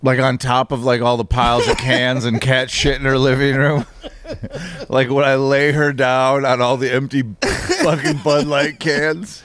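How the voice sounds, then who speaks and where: A man guesting on a comedy podcast, trading crude jokes in a deadpan, matter-of-fact way. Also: mid-range voice, unhurried. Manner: deadpan, matter-of-fact about absurd lewd claims.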